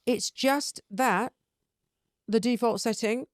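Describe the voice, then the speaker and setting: A middle-aged woman hosting a casual spiritual chat, animated and acting out her own inner dialogues. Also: a little high, slow, no echo, studio quality. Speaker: podcast host.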